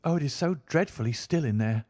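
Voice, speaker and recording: A man's voice: medium pitch, lively intonation, a little fast, darkish tone, close to an everyday voice. A man voicing a frightened young woman, a governess, in an anxious, breathless manner.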